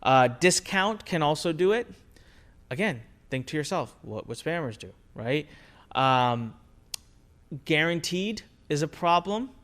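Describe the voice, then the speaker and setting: A man teaching a recorded course lesson on marketing, talking in an energetic, conversational way, stressing his points and asking rhetorical questions. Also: on the high side, unhurried. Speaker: online marketing instructor.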